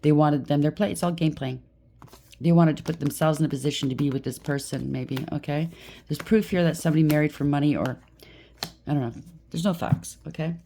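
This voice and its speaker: This woman reads tarot in a blunt, heated manner, repeatedly checking in with "okay?" as she talks to the listener. Her voice is deep and mellow and her pace brisk, with slight background noise behind her.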